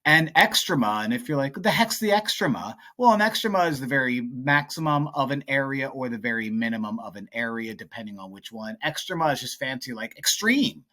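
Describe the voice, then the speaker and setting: A man's voice: medium pitch, lively intonation, fairly quick, hardly any pauses, sharp tone. A man teaching math in a casual, chatty, playful way, talking through practice problems at a whiteboard.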